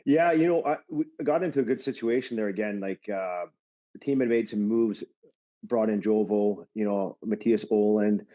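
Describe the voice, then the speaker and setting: Middle-aged male podcast guest, lively storyteller, dull lo-fi recording. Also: on the low side, moderate pace. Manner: animated, laughing storyteller with many fillers. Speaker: guest, former hockey player. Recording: dull lo-fi sound.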